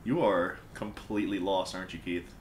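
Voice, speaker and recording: A man hosting a casual gameplay video, chatting in an animated, rambling, jokey way with lots of fillers. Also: deep voice, normal speed, a little hiss or hum. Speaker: let's play host.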